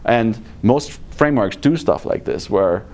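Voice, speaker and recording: Low-pitched man at a conference talk, blunt and exasperated, with sarcastic asides. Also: lively intonation, unhurried, darkish tone. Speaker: conference speaker. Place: conference room.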